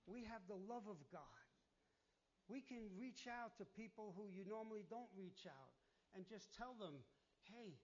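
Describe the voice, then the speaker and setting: Pastor, male, high voice, emphatic preacher, muffled lo-fi church recording. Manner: emphatic preaching, calls for amens, acts out worried voices. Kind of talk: sermon.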